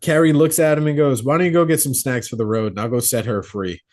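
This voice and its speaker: A man's voice: mid-range voice, quick pace. A man co-hosting a horror podcast, retelling a film plot casually, swearing and acting out the characters' lines. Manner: swearing, animated retelling with quoted character voices. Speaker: podcast co-host. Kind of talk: casual movie recap. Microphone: podcast mic.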